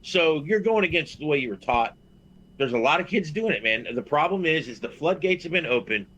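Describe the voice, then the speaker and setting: A man chatting on a podcast who tells a story bluntly and profanely, swearing often and getting loud and heated. His voice is bright and forceful, with a lively, swinging pitch. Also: fairly quick, dull audio. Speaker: podcast co-host, veteran wrestler. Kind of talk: casual podcast chat.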